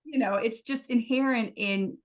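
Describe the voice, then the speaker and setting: A woman's voice: fairly high pitch, normal speed. A woman hosting a webinar on a video call, chatty and full of agreeing murmurs. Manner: chatty, warmly agreeing with many "mm-hmm"s. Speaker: webinar host. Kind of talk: webinar discussion.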